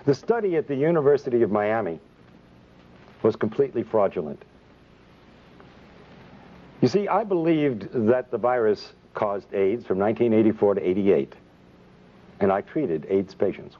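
A man's voice: fairly low pitch, sing-song, normal speed, long pauses. A man, a physician, giving an impassioned public speech full of indignant rhetorical questions and sarcasm. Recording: dull lo-fi recording.

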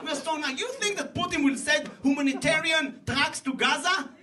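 An Israeli man performing stand-up comedy in animated, broken English, laughing at his own jokes, recorded from a stage before a live audience. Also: very high voice, normal speed, crowd noise. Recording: distant stage mic, loud audience laughter.

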